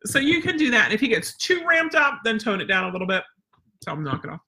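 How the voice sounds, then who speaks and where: A woman's voice: fairly high pitch, very animated, fast, sharp tone. A woman dog trainer teaching a casual live webinar, chatty and rambling with lots of fillers.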